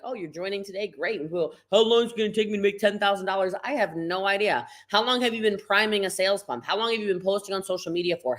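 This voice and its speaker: A woman's voice: medium pitch, a bit bright. Blunt woman coaching live. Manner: blunt, emphatic, repetitive, talks straight to viewers. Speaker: business coach. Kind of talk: live-streamed motivational coaching.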